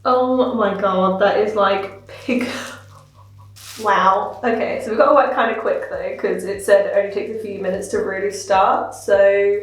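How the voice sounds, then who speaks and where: A woman's voice: mid-range voice, steady tone, unhurried. Chatty young woman, echoey bathroom. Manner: chatty and self-dramatizing, many "like" fillers. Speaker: beauty vlogger. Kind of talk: casual product review vlog. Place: bathroom at home.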